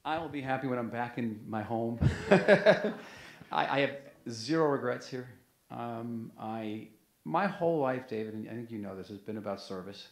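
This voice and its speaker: A former ambassador talking in an onstage interview, animated and emphatic, often restarting his sentences. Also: mid-range voice, normal speed, creaky. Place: museum event hall. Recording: roomy event hall sound.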